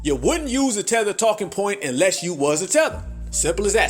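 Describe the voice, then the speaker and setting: A man from the United States with a notably high voice delivers a fiery, profane monologue, preaching at his listeners with one rhetorical question after another. Soft music plays faintly under his talk. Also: sing-song, brisk. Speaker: podcast host. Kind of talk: heated political commentary.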